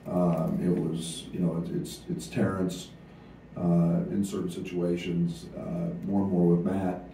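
Man, basketball coach, low voice, dark tone, halting with fillers, very echoey room, distant mic. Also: level tone, gravelly, a little hiss or hum. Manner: halting, many fillers and restarts. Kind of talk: press conference answers.

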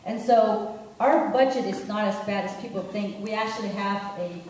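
A woman's voice: mid-range voice, moderate pace, a little mellow, a little hiss or hum. Woman candidate, echoey and distant. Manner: earnest, many fillers and restarts. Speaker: mayoral candidate. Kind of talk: forum answer. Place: theater. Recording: echoey room from far off.

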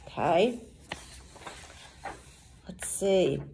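A woman teacher reading a storybook aloud to children, pausing to explain the pictures and words in a patient way. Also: mid-range voice, expressive.

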